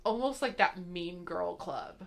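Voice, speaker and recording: Slow-talking, animated woman telling office gossip. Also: on the low side, vocal fry. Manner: gossipy, blunt, giggly, heavy use of "like". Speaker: podcast co-host. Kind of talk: casual chat.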